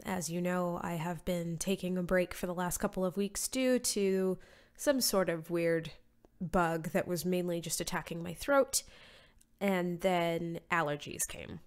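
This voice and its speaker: A woman in her thirties hosting a solo podcast, sounding nasal from allergies, blunt and sarcastic with casual swearing. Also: fairly low pitch. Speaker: podcast host.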